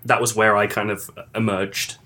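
A man's voice: on the low side, flat delivery, normal speed, sharp tone. A man telling a story to friends in casual chat, often breaking into laughter.

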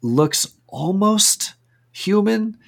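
A man's voice: high-pitched, expressive, extremely slow, gravelly. A man co-hosting a movie podcast, chatting casually and describing scenes step by step, laughing often. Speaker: podcast co-host.

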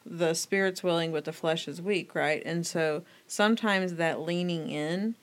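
A woman's voice: fairly low pitch, measured pace. A woman co-hosting a faith podcast in casual chat, speaking reflectively and confessionally. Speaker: podcast co-host.

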